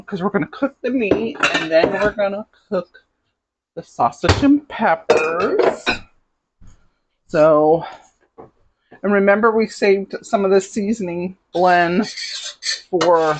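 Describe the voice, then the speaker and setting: Chatty middle-aged woman cooking at home. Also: on the low side. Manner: chatty, rambling, talks to camera while cooking. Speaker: cooking show host. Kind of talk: casual cooking vlog. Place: home kitchen. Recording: noisy kitchen with clattering dishes. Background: pots, pans and dishes clattering.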